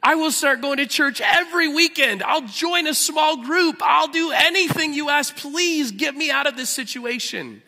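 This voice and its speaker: A man voicing a frightened man hanging from a cliff root, yelling and pleading for rescue. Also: high-pitched, very animated, normal speed, hardly any pauses, long reverb tail, voice pushed up, exaggerated voice. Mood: eager pleading.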